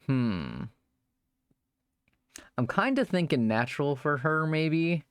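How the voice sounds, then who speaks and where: A man's voice: on the high side, sing-song, slow, long pauses, a bit bright, clean tone, no room sound, clean studio sound. A man chatting casually on a live stream, rambling at length and thanking viewers as they follow.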